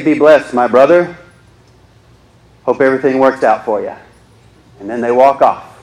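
A man's voice: high voice, a little mellow, reverberant, poor audio. A young man preaching a sermon in a joking, conversational way, often asking the crowd questions.

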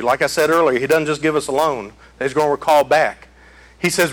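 A man preaching a sermon, telling folksy stories and building to loud, emphatic peaks. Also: on the high side, moderate pace, rough recording. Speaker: pastor.

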